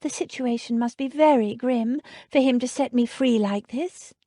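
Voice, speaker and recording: A woman's voice: a little high, normal speed, dark tone, no echo, studio quality, voice pushed up, close to an everyday voice. A woman voicing an earnest young debutante who pleads emotionally in an audiobook. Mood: distressed.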